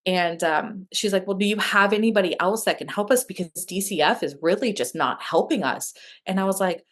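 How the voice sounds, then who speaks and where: A woman's voice: medium pitch, fairly quick. A woman guest telling a personal story in a candid, emotional way, with many fillers and restarts. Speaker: guest sharing her adoption story. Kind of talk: conversational interview storytelling.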